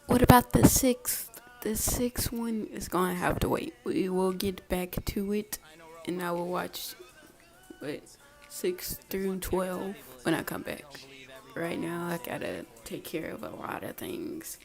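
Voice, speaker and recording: A woman's voice: on the low side, gravelly. A woman hosting a reaction video, talking casually and chattily to her viewers. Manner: casual, chatty, quick sign-off. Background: music.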